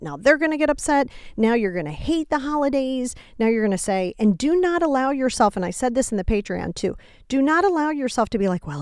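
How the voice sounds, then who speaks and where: A woman's voice: high-pitched, clear, resonant tone, no echo, studio quality. A woman hosting a podcast, talking casually about handling anger and acting out little exchanges as she goes. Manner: animated, acts out quoted exchanges, frequent asides. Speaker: podcast host. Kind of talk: casual self-help talk.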